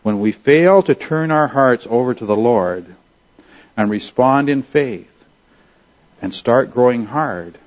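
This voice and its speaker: A man's voice: mid-range voice, animated, slow. Earnest preaching man, dull lo-fi sound. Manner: earnest, conversational preaching with rhetorical questions. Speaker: pastor. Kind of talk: sermon.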